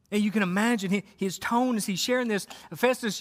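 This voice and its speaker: A man's voice: sits high, a little fast, hardly any pauses. A man preaching a sermon as pastor, fervent and direct, often repeating words as he presses a point to the congregation. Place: church sanctuary. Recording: long reverb of a large hall.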